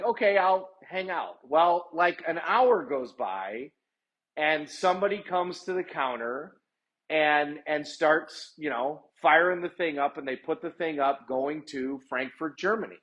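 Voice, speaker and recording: A man's voice: a little high, expressive, measured pace, fairly bright tone, lo-fi sound. A man, a lawyer, telling a personal story in a casual way. He is chatty, fills the story with "I'm like" asides, and acts out the people he quotes. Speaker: lawyer sharing personal stories.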